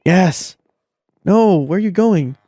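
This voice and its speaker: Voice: mid-range voice, lively intonation, takes it slowly, dark tone, no room sound, studio quality. A gameplay commentator talking casually, exasperated and swearing often, scolding game characters, with the voice leaping up when frustrated.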